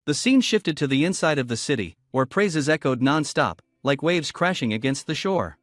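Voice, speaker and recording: In a clean studio recording with no echo, a man narrates a comic recap in a scripted voice. His voice is a little high and moderately paced, and he reads every character himself in one steady narrating tone.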